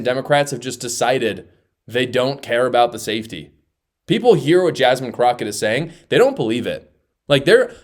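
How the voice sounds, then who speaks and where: A man hosting a political commentary show, blunt and mocking in his opinions. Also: medium pitch.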